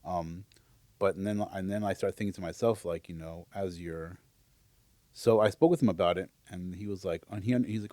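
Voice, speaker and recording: A man's voice: low voice, steady tone, quick pace, darkish tone, no room sound. A man co-hosting a podcast in a casual, heartfelt conversation, hesitant and searching as he opens up about his own struggles. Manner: hesitant and searching, many fillers and restarts while opening up. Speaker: podcast co-host.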